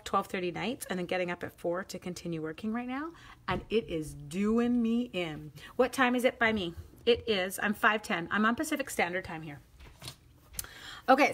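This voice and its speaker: A woman's voice: mid-range voice, a bit bright, a little hiss or hum. A middle-aged woman demonstrating card making, chatting with viewers in a giddy, self-teasing way. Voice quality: sings little la-la runs between steps. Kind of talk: live crafting demo chat.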